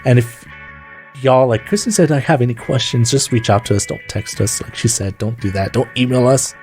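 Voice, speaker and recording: A man's voice: medium pitch, brisk, a little mellow, faint music behind. A man co-hosting a casual chat podcast, joking and swearing freely. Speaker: podcast co-host.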